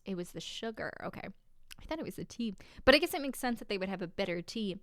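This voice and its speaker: A chatty, rambling woman from the American South giving casual let's-play commentary, often self-deprecating and thinking aloud. Her voice sits at an ordinary middle pitch for a woman. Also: animated, quick pace, few pauses, a bit bright, no room sound, clean studio sound. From Southern United States. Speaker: gaming streamer.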